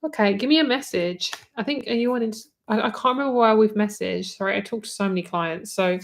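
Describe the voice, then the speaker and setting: A woman's voice: medium pitch, brisk, gravelly, slight background noise. A young British woman, a tarot reader, chatting candidly with viewers on a live stream, swearing freely and saying "like" often.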